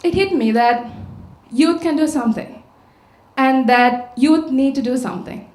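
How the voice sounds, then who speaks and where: Sri woman speaker, slightly high voice, storytelling in an echoey hall, rhetorical questions. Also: measured pace, a little mellow. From Sri Lanka. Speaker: conference speaker. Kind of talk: public talk. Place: large auditorium. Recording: echoey auditorium sound.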